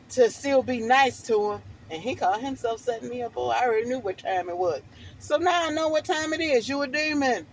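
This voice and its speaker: A woman's voice: high voice, a little hiss or hum, poor audio. A middle-aged woman vlogger telling a personal testimony in a fervent, preachy, emphatic way.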